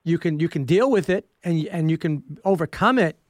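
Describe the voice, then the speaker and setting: A man's voice: on the high side, lively intonation, moderate pace, dry recording, clean studio sound. Man hosting a radio interview. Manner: sincere, stumbling, asking questions. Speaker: radio host.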